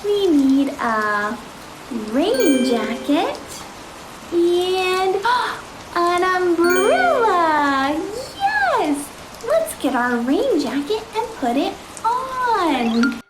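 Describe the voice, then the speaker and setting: A woman leads a toddler learning video in a very high, lively sing-song voice, full of excited gasps. She stretches every word out very slowly. The recording has a roomy echo with faint music underneath. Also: background noise. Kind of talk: slow, exaggerated speech to toddlers.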